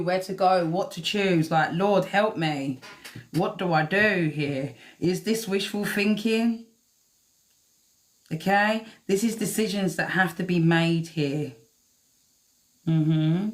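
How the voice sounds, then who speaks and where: A woman doing a live-stream tarot reading, chatty and swearing freely as she talks to the cards. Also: medium pitch. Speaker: tarot reader.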